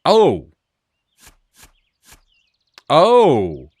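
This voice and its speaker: A man's voice: fairly high pitch, wildly swooping pitch, drawn-out words, darkish tone, no room sound. A man streaming a game, chatting casually with friends, joking and swearing loosely. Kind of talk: casual gameplay chat.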